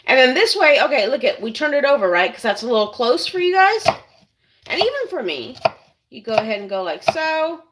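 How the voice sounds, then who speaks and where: A woman's voice: sits high, sing-song, fairly quick, noisy background. A woman hosting a casual cooking demonstration in a kitchen, chatting to viewers as she works. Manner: chatty, keeps addressing viewers as "you guys". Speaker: cooking channel host.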